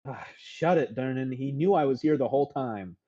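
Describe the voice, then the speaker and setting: A man's voice: mid-range voice, normal speed, mellow, close to an everyday voice. A man voicing a brash, blunt young woman who swears freely, on slightly dull audio.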